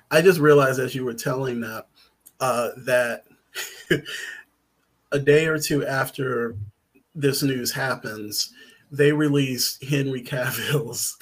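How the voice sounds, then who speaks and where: A man's voice: mid-range voice, a bit bright, breathy edge. A man, a writer guest on a podcast, talking casually in a rambling, hesitant way with many fillers and restarts.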